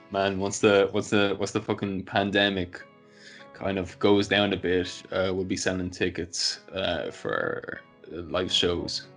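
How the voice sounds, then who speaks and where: A man's voice: sits low, takes it slowly, vocal fry, a bit bright, soft background music. A man from Poland hosting a casual podcast chat, rambling with lots of fillers. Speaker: podcast host.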